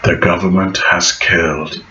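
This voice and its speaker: A man's voice: low voice, level tone, unhurried, bright, forceful tone, slight background noise. A man vlogging in a preachy, prophetic monologue, repeating phrases for emphasis. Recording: echoey room, dull lo-fi sound.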